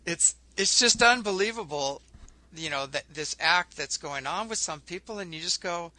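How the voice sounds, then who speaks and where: A man hosting a spiritual talk show, telling stories in an animated way. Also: sits high, moderate pace. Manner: storytelling, animated. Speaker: host.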